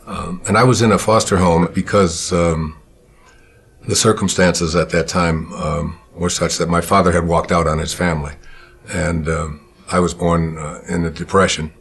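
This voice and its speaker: A man from Michigan recalls his early years in a calm, reflective manner. His voice sits low and carries a husky edge, and he takes his time, often pausing before he finds the right words. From Michigan, USA. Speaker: speaker recalling his childhood. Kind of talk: personal storytelling.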